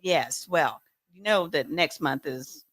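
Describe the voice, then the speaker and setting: A woman's voice: deep voice, animated, takes it slowly, fairly bright tone, slightly rough, dry recording. A woman who founded a wellness brand, talking earnestly in a podcast conversation and repeating phrases for emphasis.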